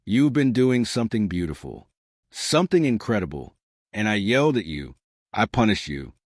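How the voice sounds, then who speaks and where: A remorseful, wealthy father whose voice breaks with emotion, as a man narrating plays him. The tone is low with wide, expressive pitch swings, in a dry close recording. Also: normal speed, no room sound.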